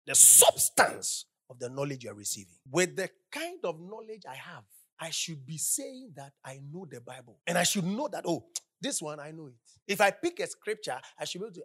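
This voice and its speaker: Speaking into a handheld mic pressed to her lips, a woman preaches to her church with a husky, fairly low voice and a moderate pace, repeatedly questioning the congregation in call-and-response fashion. She is very animated and emphatic, alternating between shouting some lines and dropping into hushed asides.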